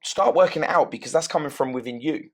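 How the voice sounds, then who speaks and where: A man hosting a podcast in casual chat, acting out both sides of everyday exchanges in an animated way. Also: a little high, quick pace. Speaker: podcast host.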